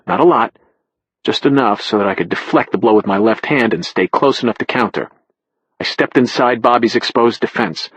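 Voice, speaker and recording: A male narrator reads a first-person thriller in a measured, matter-of-fact manner. His low voice is husky and a little breathy. The recording is dry and slightly dull. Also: a bit bright, no room sound. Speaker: audiobook narrator.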